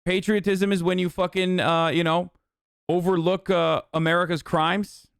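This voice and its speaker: A man's voice: sits high, flat delivery, moderate pace, vocal fry, fairly bright tone, smooth, dry recording, clean studio sound. A man streaming heated political commentary, ranting angrily and swearing constantly. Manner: profane, angry ranting.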